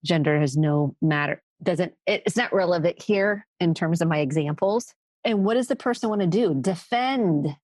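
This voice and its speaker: Woman therapist doing a solo podcast, kinda low voice, earnest and emphatic, dry close sound. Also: normal speed, a little mellow, no echo. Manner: earnest, emphatic, acts out quoted phrases.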